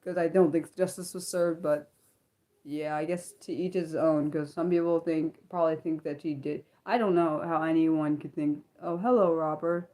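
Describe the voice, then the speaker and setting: An American woman hosting an unscripted livestream, chatting in a rambling, animated way with many fillers and restarts. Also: low-pitched, moderate pace. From Maryland, United States. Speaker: livestream host. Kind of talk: unscripted livestream chat, answering viewers.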